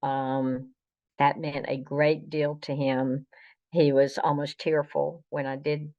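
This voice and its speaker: Low-voiced woman telling stories. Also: level tone, slow. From American South. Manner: chatty, meandering storyteller. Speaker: guest, fan historian. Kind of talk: anecdotal interview storytelling. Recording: dull lo-fi recording.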